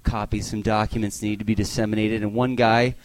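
A man's voice: on the low side, level tone, brisk, no echo. Ranting male stand-up comic. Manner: exasperated rants with acted-out voices. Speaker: stand-up comedian. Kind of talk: stand-up comedy set. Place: comedy club stage.

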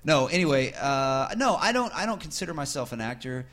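A man's voice: on the high side, big pitch swings, brisk, a bit bright. A man being interviewed as a guest musician, modest and hesitant, often restarting his sentences. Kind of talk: casual interview.

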